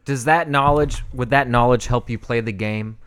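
A man's voice: medium pitch, normal speed, fairly bright tone, clear, resonant tone. A man in casual chat, laid-back and asking his co-host questions.

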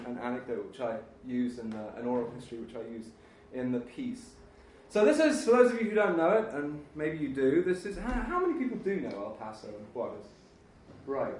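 Middle-aged male history lecturer, emphatic and digressive; slightly high voice, echoey hall sound. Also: a little hiss or hum. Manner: emphatic, rambling, many restarts and asides. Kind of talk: academic lecture. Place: university lecture room. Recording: echoey room, mic far off.

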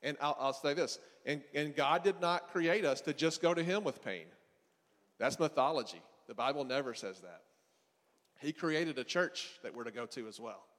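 A man's voice: fairly high pitch, normal speed, a bit bright, in a large hall. A man, a counselor, giving a casual faith-based teaching talk on parenting and attachment, talking conversationally with asides and restarts. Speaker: marriage and family counselor teaching a seminar.

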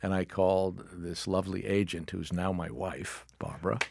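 A very low-pitched older man tells wry, animated anecdotes as a studio guest. His voice is recorded dry and close, with no room sound at all. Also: normal speed, vocal fry, no room sound. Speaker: guest, actor and author. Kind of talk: storytelling in a studio interview. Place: radio studio.

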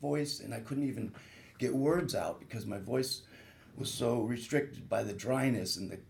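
A man with a gravelly, fry-touched voice recounts his own ordeal as a guest on a radio talk show. He speaks earnestly, building vivid pictures and lifting his pitch at the worst moments. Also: normal speed, a little hiss or hum. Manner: earnest, vivid retelling with rising intensity at peak moments. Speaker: guest, reconstructive surgeon. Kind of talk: personal story told on radio talk show.

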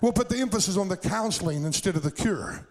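A middle-aged male pastor preaching a sermon, calling out to the congregation and building up to shouts at his high points. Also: animated, fast talker, poor audio. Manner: preaching with call-and-response cries, rising to shouts.

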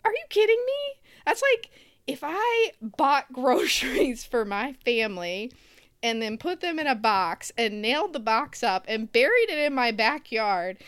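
A woman's voice: fairly high pitch, big pitch swings, measured pace, fairly bright tone, clean tone, dry recording, clean studio sound. A woman co-hosting a casual talk show, ranting sarcastically and laughing as she talks. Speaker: podcast co-host. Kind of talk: casual chat.

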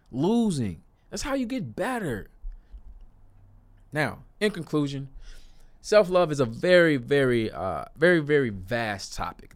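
A young man giving a motivational self-help talk to camera, earnest and repetitive, sometimes rising to emphatic outbursts. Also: a little high. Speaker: self-help video creator.

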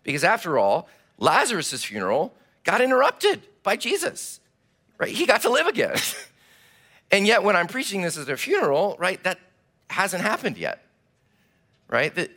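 A man preaching a sermon, telling the story with animated, acted-out delivery. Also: sits high, moderate pace. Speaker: pastor.

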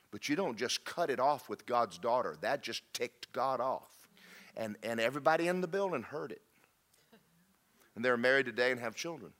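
A man preaching a sermon in a church, telling stories and swinging from loud emphatic peaks to low quiet lines. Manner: storytelling, rising to emphatic peaks then dropping low.

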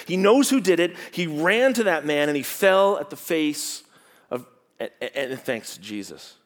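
Guy preaching a sermon, kinda high voice, goes from loud punchy questions to quiet serious bits. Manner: animated, swinging from loud emphatic questions to low quiet stresses; teacherly, rhetorical questions to the congregation. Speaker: pastor.

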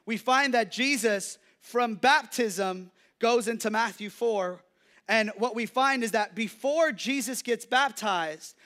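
A young adult male pastor preaching an energetic sermon, joking and calling out to the congregation. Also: high voice. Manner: energetic, playful preaching with audience call-outs.

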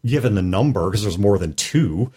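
A man's voice: fairly low pitch, animated, normal speed, warm tone, slightly rough. A man co-hosting a casual podcast about tabletop role-playing, talking in a wry, joking way and acting out quoted players. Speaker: podcast co-host. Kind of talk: casual roundtable chat about tabletop gaming.

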